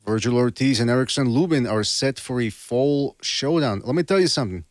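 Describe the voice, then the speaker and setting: A man hosting a casual boxing podcast, talking in an animated, joking way and quick to laugh. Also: medium pitch, no echo, clean studio sound. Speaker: podcast host.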